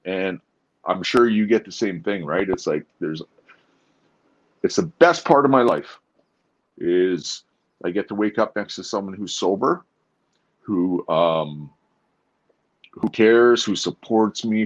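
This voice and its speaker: A man talking candidly as a guest in an interview, earnest and halting, often restarting his sentences. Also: low voice, lo-fi sound. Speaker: podcast guest.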